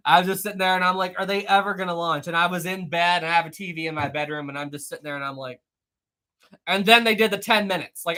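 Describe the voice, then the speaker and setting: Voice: medium pitch, pushed and bright. A live-stream host chatting casually and answering the chat, often repeating phrases.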